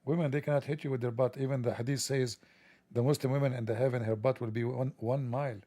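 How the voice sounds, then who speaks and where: A man's voice: medium pitch, steady tone, fast talker, warm tone, no room sound. A man hosting a livestream, delivering a sarcastic, joking, mocking monologue. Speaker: livestream host.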